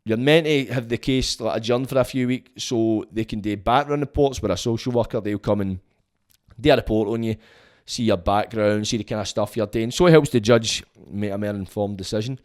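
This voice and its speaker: A man's voice: on the low side, brisk, a little mellow. Blunt, profane Scottish man. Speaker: vlogger giving prison advice. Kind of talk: casual monologue.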